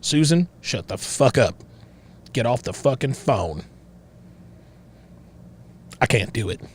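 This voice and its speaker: A man voicing a bigoted middle-aged father who scolds his daughter in a low, muttered, resigned way. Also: lively intonation, takes it slowly, slightly rough. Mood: angry.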